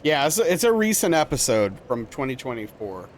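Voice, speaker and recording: A young man streaming a game live, telling a rambling story in a casual, animated way with lots of filler words. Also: mid-range voice, fairly quick, slight background noise. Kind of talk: casual chat while playing a game live.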